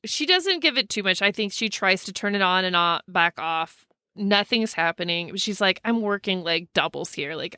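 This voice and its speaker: Bright-voiced woman telling a ghost story. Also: clear, resonant tone, no echo, studio quality. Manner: animated, acts out quoted people with pitch swings. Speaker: podcast co-host. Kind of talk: casual storytelling.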